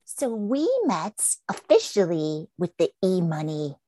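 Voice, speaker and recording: A woman hosting an interview, effusive and quick to thank her guest. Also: lowish voice, sing-song, no echo. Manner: warm, effusive, thanking often. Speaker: interview host. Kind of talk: interview conversation.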